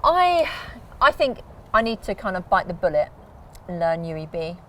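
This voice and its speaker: Female vlog host, lower voice, relaxed replies; slightly distant pickup with faint noise. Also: normal speed. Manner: brief agreeing replies, easygoing. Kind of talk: casual chat.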